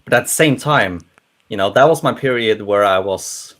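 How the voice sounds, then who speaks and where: Young man, Norwegian accent, non-native English, casual panel talk, lively and self-interrupting. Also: on the low side, normal speed. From Norway. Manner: rambling, animated, many restarts.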